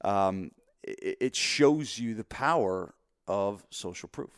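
Podcast co-host, male, lower pitch, lively storyteller who acts out voices, dry studio sound. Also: takes it slowly, clear, resonant tone, no room sound. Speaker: podcast co-host, gym marketing coach. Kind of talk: casual podcast chat.

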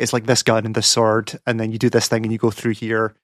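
A man's voice: mid-range voice, level tone, quick pace, hardly any pauses, no echo, clean studio sound. Exasperated man ranting. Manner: rambling, exasperated ranting with many fillers. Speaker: podcast co-host, game academic. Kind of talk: casual podcast chat.

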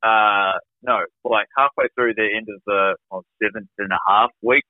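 A man's voice: on the low side, steady tone, normal speed, dry recording. A man, a guest on an interview, telling his own story in a rambling, casual way, full of "like" fillers. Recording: tinny phone-like remote call audio.

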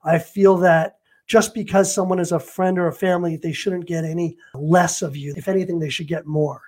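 A man's voice: fairly high pitch, fairly even intonation, moderate pace, darkish tone. A man in his fifties, a real estate agent and coach, telling stories in an interview and acting out phone calls and quotes. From Los Angeles. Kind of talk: interview guest, storytelling.

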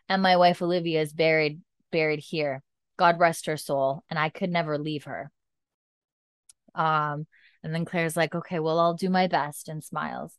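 A woman with a deep, smooth voice co-hosts a casual podcast, animatedly recapping a TV episode and acting out the characters' lines while saying "like" a lot. The recording is dry.

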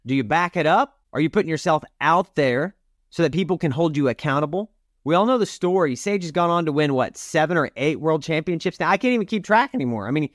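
A middle-aged man delivers a motivational talk, speaking directly and emphatically to his listeners. His voice sits a little high for a man. The recording is dry and close, with no room sound. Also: dry recording. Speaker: podcast host and rodeo competitor.

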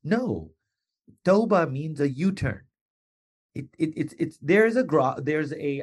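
A man talks on a motivational podcast in a lively, playful way. He drops into short put-on voices for the people he quotes, and his pitch jumps sharply when he does. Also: slow, long pauses, husky. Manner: animated, playful, with wrestling and pop-culture asides. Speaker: podcast host.

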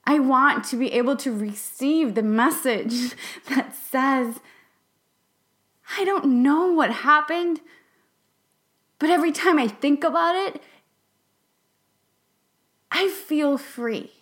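A young adult woman hosting a podcast, talking in an earnest, halting and emotional way, sometimes dropping to a whisper for emphasis. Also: sits high, fairly bright tone. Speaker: podcast host and class facilitator. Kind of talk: reflective podcast monologue.

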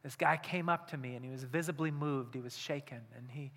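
A man preaching a sermon as pastor, dropping to hushed near-whispers and then rising to loud, urgent appeals. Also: medium pitch, a little fast. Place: church hall. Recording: long hall reverb.

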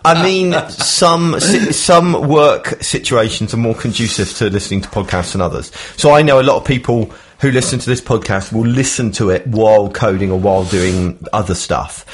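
A man hosting a podcast in casual chat, animated, teasing and quick to laugh. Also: lowish voice, breathy edge. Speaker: podcast host.

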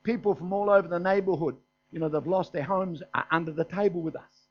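A man's voice: high voice, a little fast. An older man with an Australian accent, preaching a sermon in a folksy storytelling way, often asking "is that right?". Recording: dull, muffled sermon recording.

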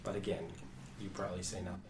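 A man's voice: deep voice, little pitch movement, fast talker, a little mellow, echoey room, a little hiss or hum. A man narrating as dungeon master of a tabletop game, chatty and jokey. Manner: chatty, jokey, switches into character voices.

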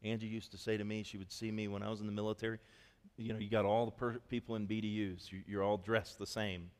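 Male pastor, lower voice, animated conversational sermon, church hall reverb. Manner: storytelling, animated and conversational, quick asides.

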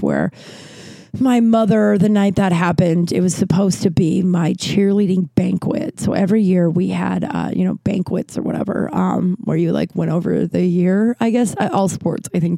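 A woman's voice: lowish voice, lively intonation, moderate pace, creaky, warm tone, no echo. A woman in her thirties hosting a show, telling a personal story in a candid, rambling way, full of "like" and "you know".

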